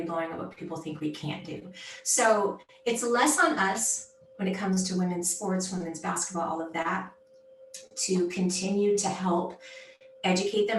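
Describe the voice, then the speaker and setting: A middle-aged woman talks with animated emphasis in an interview and keeps checking in with her listeners. Her voice sits a little low and comes from a short distance off the mic. The room around her is roomy, with a faint hum behind her. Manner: animated, emphatic, frequent "right?" tags. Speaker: guest speaker, sports executive. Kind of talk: conversational interview.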